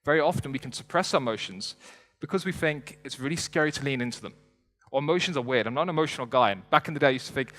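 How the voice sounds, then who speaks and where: A young man rattles through a motivational stage talk at a brisk clip. He stays energetic and conversational and tosses joking asides to the crowd. His voice rings out with a long reverb in a big hall. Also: mid-range voice. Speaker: motivational speaker. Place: stage before a live audience in a large hall.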